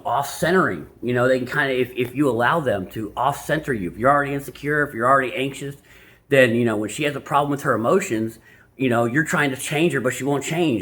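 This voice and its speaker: Brief: mid-pitched man, casual rambling vlogger, crude and offhand. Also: fairly bright tone. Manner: loose and crude, with many restarts and asides. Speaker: vlogger summarizing a self-help book.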